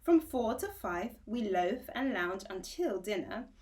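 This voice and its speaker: A woman's voice: medium pitch, sing-song, measured pace, a little mellow. A woman reading aloud and voicing a group of lazy, drowsy townsfolk who list their idle daily routine.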